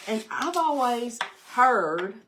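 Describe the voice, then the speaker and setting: Older Southern woman, livestream craft host; slow, folksy, chatty, faint background noise. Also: a little high, sing-song. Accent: Southern American. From American South. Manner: chatty, greets viewers by name, folksy. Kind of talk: casual live craft demo.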